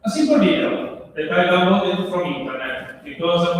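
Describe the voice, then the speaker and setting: A man from Italy with an Italian accent giving a conference talk, self-deprecating, with halting non-native phrasing. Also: on the high side, expressive, slight background noise. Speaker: conference speaker. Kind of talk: conference presentation. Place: large conference hall. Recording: echoey hall from far off.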